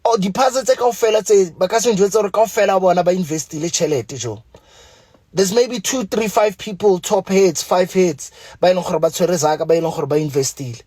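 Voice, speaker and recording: A man's voice: high-pitched, brisk, a little mellow, husky, no echo. A man with a South African accent ranting angrily to camera, profane and pleading by turns. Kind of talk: angry direct-to-camera rant.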